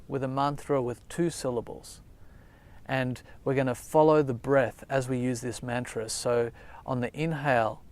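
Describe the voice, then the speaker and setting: Gentle man guiding a meditation. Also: medium pitch, clean tone. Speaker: meditation teacher. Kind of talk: calm spoken meditation guidance. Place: outdoors.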